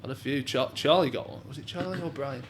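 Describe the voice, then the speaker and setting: A man's voice: medium pitch, fast. Young manchester bloke yapping about his life, loads of "like", bit of room hum behind. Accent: Mancunian. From England. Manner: chatty storytelling, swears, many "like" fillers. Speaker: professional boxer guest. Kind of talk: casual chat.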